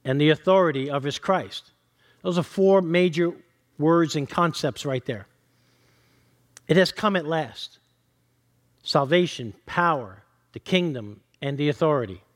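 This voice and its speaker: A male pastor preaching a sermon, reading scripture and teaching in an earnest, direct way. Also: a little high.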